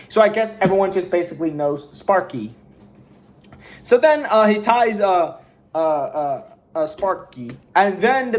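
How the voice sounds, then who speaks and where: A man with a high-pitched voice talks through a movie plot in a loose, rambling way. He leans on fillers and offhand slang as he recaps. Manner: rambling, filler-heavy storytelling. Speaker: movie reviewer. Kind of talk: casual movie review recap.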